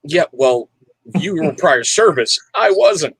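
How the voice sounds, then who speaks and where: A man's voice: fairly high pitch, expressive, slow, husky, no room sound. A man hosting a veterans' panel, asking questions and teasing his guests with dry jokes. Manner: teasing, wisecracking banter. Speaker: host of veteran discussion panel. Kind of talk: casual panel chat.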